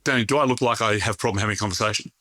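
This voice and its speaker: A man's voice: fairly low pitch, very fast, pushed and bright, no echo. A middle-aged man talking as an interview guest, a chatty storyteller who restarts his sentences and laughs often. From Australia. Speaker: interview guest, bakery owner. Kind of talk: conversational interview.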